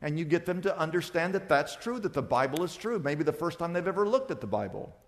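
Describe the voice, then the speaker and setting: Animated preacher man in a reverberant hall. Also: fairly high pitch, fast talker. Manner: animated preacher acting out dialogues. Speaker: pastor. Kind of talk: sermon.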